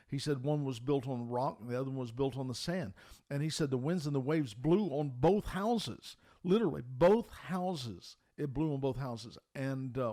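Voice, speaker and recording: A man's voice: medium pitch, dark tone. Middle-aged pastor guy preaching, folksy and emphatic, keeps restarting his sentences. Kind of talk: sermon.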